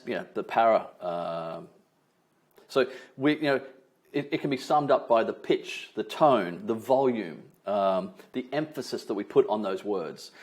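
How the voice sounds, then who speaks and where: A man trainer giving a lively online webinar, leaning on emphasis and tag questions like "right?", speaking over a video call. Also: medium pitch.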